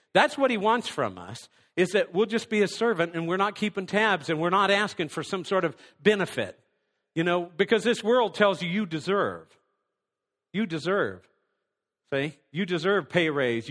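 A man preaching a sermon as a pastor, fervent and conversational, swinging between loud and hushed passages. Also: sits high. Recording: long hall reverb.

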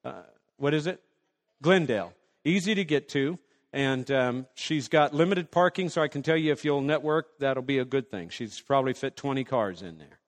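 A man's voice: mid-range voice, normal speed, in a large hall. A man preaching a sermon as pastor, emphatic and conversational, asking the congregation rhetorical questions.

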